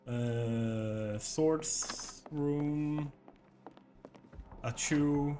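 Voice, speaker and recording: A man gives casual, jokey commentary while streaming a horror game, tossing out exclamatory asides. His voice sits in a middle pitch, with faint game music behind him. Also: takes it slowly, pauses often.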